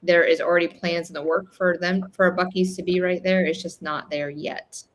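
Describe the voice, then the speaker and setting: A woman's voice: on the low side, steady tone, moderate pace. A woman co-host in casual chat, talking in a chatty, agreeable way.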